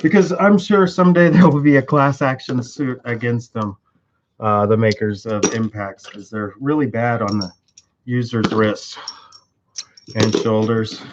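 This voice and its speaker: A man's voice: mid-range voice, steady tone, a little slow, slight background noise. Profane, rambling man in a workshop. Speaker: tool and engine video maker. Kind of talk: casual workshop demonstration. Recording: muffled audio with clear clicking.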